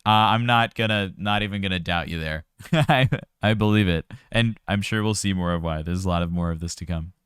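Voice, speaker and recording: A man's voice: deep voice, fairly quick, a bit bright, smooth. A man working as a vocal coach, giving casual, explanatory reaction commentary and sometimes laughing at his own jokes.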